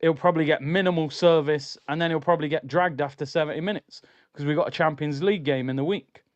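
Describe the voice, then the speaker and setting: A man hosts a live football watchalong, chatty and opinionated as he reads out viewer comments. His voice sits a little high. The recording is dry, with no room sound. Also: fast talker, no room sound, dull audio. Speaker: livestream host.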